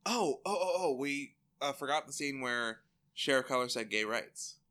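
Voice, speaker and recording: A man chats through a TV episode as a podcast co-host, his pitch swinging all over the place. His tone is bright and forward, and he keeps breaking into laughter and silly character voices as he retells scenes. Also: lively intonation, moderate pace. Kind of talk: casual chat recapping a TV episode.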